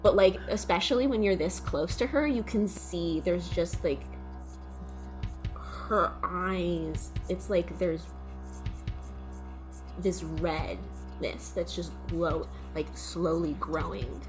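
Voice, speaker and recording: A woman's voice: lowish voice, slow, over music. A woman playing a tabletop game, describing her character's actions in a rambling way with many fillers. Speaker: player. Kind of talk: casual tabletop role-play.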